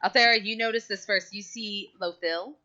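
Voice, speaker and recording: A woman's voice: mid-range voice, fairly even intonation, normal speed, bright, forceful tone. Lady running a tabletop game, muffled lo-fi audio. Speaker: game master. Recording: dull lo-fi mic.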